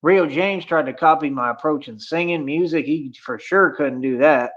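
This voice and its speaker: Guy ranting at his chat on a stream, cocky and confrontational, kinda high voice, muffled lo-fi audio. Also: normal speed, fairly bright tone. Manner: boastful, confrontational, talks to chat. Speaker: livestream host. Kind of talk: casual livestream rant.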